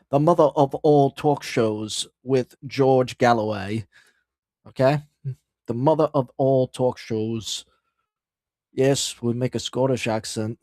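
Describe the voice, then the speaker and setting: A man rants through a casual livestream, swearing freely and wandering from one thought to the next. His voice sits mid-pitched and ordinary. The sound is dry, with no room echo. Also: a little mellow. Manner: profane, rambling, ranting; reads headlines aloud then riffs. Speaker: streamer host.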